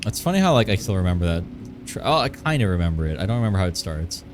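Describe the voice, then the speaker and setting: A man's voice: low voice, very animated, racing, over music. A man streaming live, chatting playfully with his viewers and rambling while he draws. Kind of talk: casual live-stream chat while drawing.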